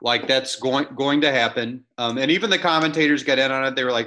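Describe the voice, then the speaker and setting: A man co-hosting a podcast in relaxed casual chat, often chiming in with agreement. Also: medium pitch, fast. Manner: laid-back, frequent agreeing interjections. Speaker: podcast co-host.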